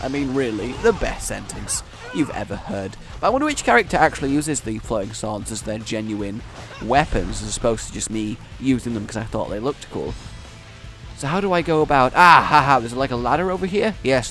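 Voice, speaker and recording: Playful young man with lively pitch. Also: a little fast, faint music behind. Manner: playful, taunts enemies in mock-heroic lines. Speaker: gaming YouTuber. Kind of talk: gameplay commentary.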